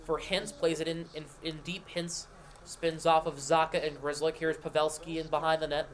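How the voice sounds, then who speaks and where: A man hosting a live stream, giving rapid running play-by-play of a hockey game and asking the chat for predictions. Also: on the high side, level tone. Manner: rapid, running call of each pass and shot, with asides to chat. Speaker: play-by-play commentator and stream host.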